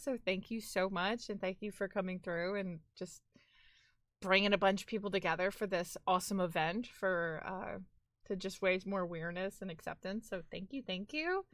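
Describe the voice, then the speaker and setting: A chatty woman with a Brooklyn-flavored New York accent talks to her viewers on a live stream. Her voice is bright and sharp, and it sounds close and dry with no room around it. She rambles freely, peppering her talk with "like" and casual swearing. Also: medium pitch, clean tone, no room sound. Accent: New York, Brooklyn-tinged. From near New York City. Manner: chatty, animated, swears and says "like" a lot. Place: home.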